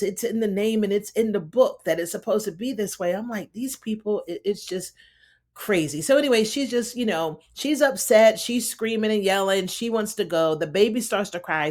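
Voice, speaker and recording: A woman's voice: medium pitch, a little mellow. A woman casually recapping a TV drama episode, acting out the characters' lines in shifting voices and chatting to her listeners. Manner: chatty, addresses listener as honey. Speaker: TV recap reviewer. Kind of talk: casual recap with acted-out quotes.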